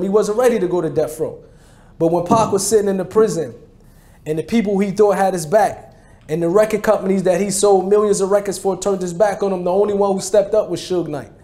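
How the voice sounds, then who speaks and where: A man's voice: high voice, warm tone. A man in his forties from New Jersey telling his life story in a casual, slangy way, often restarting and adding "you know what I mean.". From New Jersey, USA. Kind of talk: personal storytelling talk.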